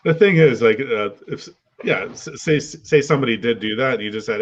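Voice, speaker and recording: A man's voice: mid-range voice, a little fast, muffled recording. A man hosting a casual panel chat, talkative and asking his guests questions over a video call. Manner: chatty, asks guests questions.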